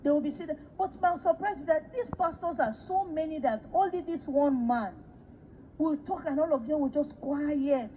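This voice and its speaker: A woman preacher with a bright, high-pitched voice, delivering a testimony sermon about a vision. She tells the story with animation, slipping into the voices of the people in it and doubling her words for emphasis. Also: normal speed, a little hiss or hum, low-quality recording. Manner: animated storytelling, acts out quoted dialogue.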